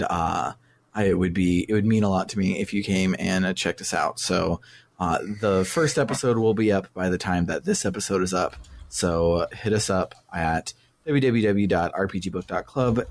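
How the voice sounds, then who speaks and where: A man hosting a casual podcast, rambling loosely with lots of fillers. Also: low voice. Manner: laid-back, rambling with many fillers. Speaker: podcast host.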